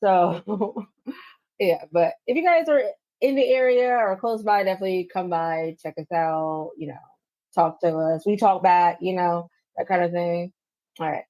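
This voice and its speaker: Female co-host, casual and chatty, lower-pitched, dry sound. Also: unhurried, mellow, no room sound. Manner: easygoing, chatty, lots of fillers. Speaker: podcast co-host. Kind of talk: casual chat.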